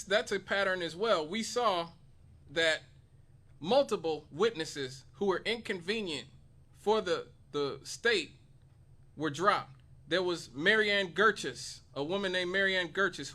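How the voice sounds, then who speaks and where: A man with a fairly high, bright voice hosts a talk radio segment. He talks emphatically, stacking points and rhetorical questions to argue his case. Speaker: radio host.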